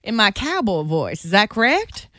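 A woman's voice: medium pitch, sing-song, bright, forceful tone, slight background noise. A middle-aged woman co-hosting a morning radio show, joking through casual banter. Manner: playful, joking, quick laughs.

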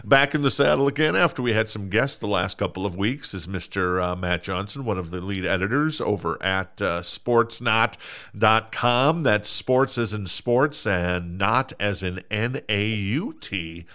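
Low-voiced Minnesota man hosting a podcast. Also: expressive, a little slow, pushed and bright, clean tone. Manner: hesitant, many "uh" fillers and restarts. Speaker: podcast host. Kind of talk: casual sports podcast chat.

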